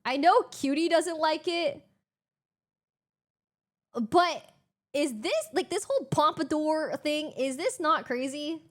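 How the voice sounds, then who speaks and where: Animated young woman chatting on stream. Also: high voice, takes it slowly, pauses often. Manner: animated and expressive, laughing and swearing freely. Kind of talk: casual live-stream chat.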